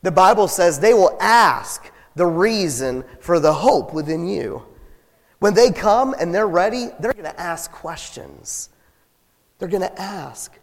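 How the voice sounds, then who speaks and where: A man's voice: high-pitched, lively intonation, a little slow, big-room sound. A man preaching a casual sermon in a church, with joking asides and laughter. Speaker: pastor. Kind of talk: conversational sermon. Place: church sanctuary.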